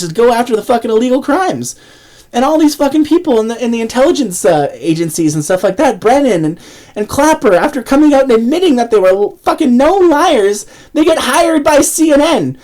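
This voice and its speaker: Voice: sits high, animated, fairly quick, a little mellow. An angry voice delivering a profane political rant. The speaker stumbles through restarts and repeats words, mocks opponents with sarcastic asides, and breaks into scornful laughs between points. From Canada. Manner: angry, sarcastic, heavy swearing, frequent restarts. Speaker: political commentator.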